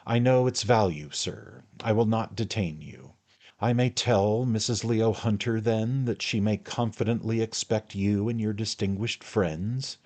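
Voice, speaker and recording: A man's voice: on the low side, a little slow, a little mellow, voice pushed up. A man doing a grave, fawning society host. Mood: flattering. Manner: effusive, formal, fawning. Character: grave pompous male society host, flattering.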